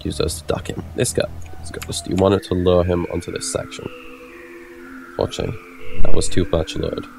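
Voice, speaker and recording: A man with a low, flat voice and vocal fry casually explains his tactics while playing a video game, cursing now and then. He talks at normal speed with long pauses, as game music plays behind him in this let's play commentary.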